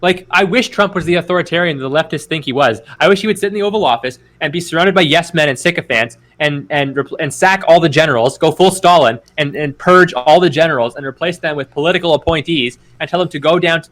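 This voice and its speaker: A man's voice: on the high side, quick pace, hardly any pauses, fairly bright tone. A man co-hosting a podcast in casual political chat, rambling and profane with many restarts. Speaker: podcast co-host.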